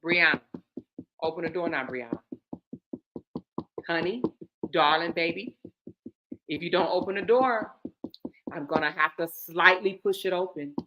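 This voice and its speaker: A woman voicing a husband who sounds sweet and calm, with a soft, coaxing, syrupy manner. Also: lowish voice, a little slow, pauses often, highs cut off, pitched below the performer's own voice, lightly acted. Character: man, calm husband, falsely sweet, mocking.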